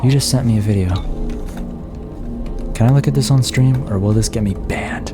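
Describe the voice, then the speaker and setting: A man's voice: mid-range voice, normal speed, music in the background. A tired man streaming a horror game, rambling and self-mocking as he talks to his chat while keeping his voice down late at night. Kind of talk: casual live-stream commentary.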